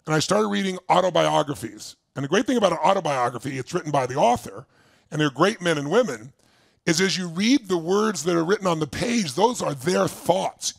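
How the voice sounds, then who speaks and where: A man with a raspy, gravelly voice that sits a bit high for a man speaks as a motivational speaker. He tells his life story in a storyteller's way and pushes hard to fire up the crowd. The sound is dry and close, with no room echo. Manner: shouts to rouse the crowd, then storytelling. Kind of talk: motivational talk to a live audience.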